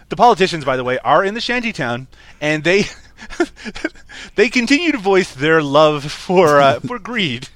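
A man co-hosting a casual movie podcast, amused and animated as he describes scenes. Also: a little high, measured pace. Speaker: podcast co-host. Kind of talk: casual chat about a movie.

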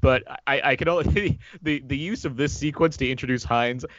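A man's voice: medium pitch, moderate pace, fairly bright tone, muffled recording, a little hiss or hum. A man co-hosting a casual movie podcast, rambling and laughing often as he riffs. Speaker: podcast co-host.

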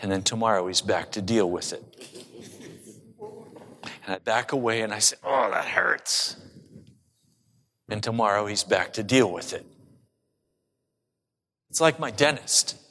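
A man's voice: lowish voice, moderate pace, long pauses, fairly bright tone, long reverb tail. A male pastor preaching a sermon and telling stories with humor. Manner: storytelling with humor.

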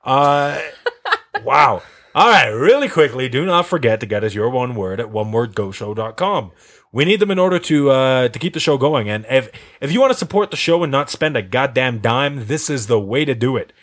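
A man hosts a podcast in loose, casual conversation, and his pitch leaps up and down as he jokes. He rambles and keeps cracking up at his own lines. His pitch sits in an ordinary middle range. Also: big pitch swings, normal speed, a bit bright. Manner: laughs often, rambling and joking. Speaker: podcast host. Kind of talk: casual chat.

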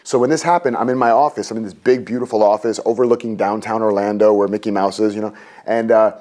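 A man in his forties, a guest on an interview show, telling a personal story in a lively way and acting out what people said. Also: quick pace. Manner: lively, acts out quotes with raised pitch.

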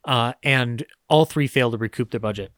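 A man's voice: medium pitch, a little fast, a bit bright, no echo, clean studio sound. A man co-hosting a podcast, talking casually about old films with many fillers and frequent laughs. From United States. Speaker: podcast co-host. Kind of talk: casual film discussion.

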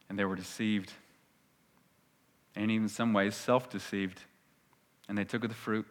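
A male pastor preaching a sermon, swinging between loud emphatic peaks and hushed, low phrases. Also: level tone, moderate pace, long pauses. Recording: long hall reverb.

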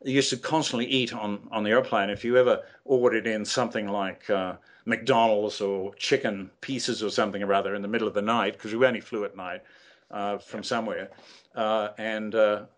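A man's voice: fairly low pitch, fairly even intonation, normal speed. An older man, a guest telling anecdotes in a rambling, hesitant way with many fillers and restarts. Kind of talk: casual storytelling interview.

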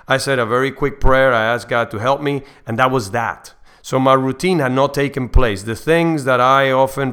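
Middle-aged guy on a faith podcast, smooth clear voice, rambly earnest storytelling, lots of restarts. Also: mid-range voice, fairly bright tone. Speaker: podcast host.

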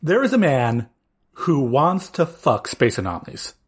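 A podcast co-host in easy conversation, with a husky, slightly breathy voice. The pitch moves lively, and the points often come with a laugh. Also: measured pace. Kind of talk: casual chat.

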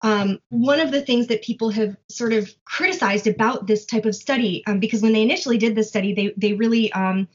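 A woman's voice: a little high, fairly quick, few pauses. A woman researcher who studies how babies learn language, explaining the research patiently in conversation and thinking aloud through examples. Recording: dull lo-fi audio.

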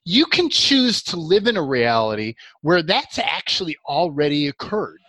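A man's voice: on the high side, sing-song, moderate pace, a bit bright, breathy edge, dry recording. A man in a casual conversation, sharing reflective, rambling thoughts.

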